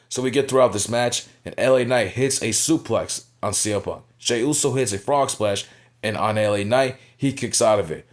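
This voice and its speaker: Male wrestling reviewer, blunt and profane, animated casual delivery. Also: mid-range voice.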